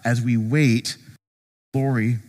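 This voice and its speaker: A man preaching a sermon as pastor, conversational and animated, joking with the congregation and acting out quotes. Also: medium pitch, slow, long reverb tail. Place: church sanctuary.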